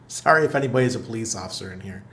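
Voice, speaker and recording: A man's voice: fairly low pitch, lively intonation, quick pace, a bit bright, a little hiss or hum. A middle-aged man hosting a casual livestream, reading viewer comments aloud in a loose, chatty way and laughing often. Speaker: livestream host. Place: apartment in Panama.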